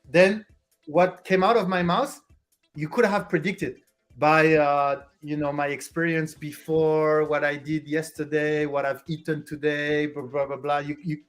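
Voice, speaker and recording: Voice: medium pitch, a bit bright. Hesitant streamer searching for words. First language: French. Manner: hesitant, searches for English words, restarts a lot. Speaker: livestream host. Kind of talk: casual livestream chat with viewers.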